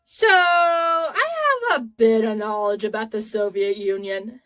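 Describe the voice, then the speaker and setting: A woman's voice: mid-range voice, flat delivery, normal speed, darkish tone. A woman in her twenties talking casually to camera in a rambling, chatty, earnest way. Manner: earnest and openly emotional. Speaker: vlogger.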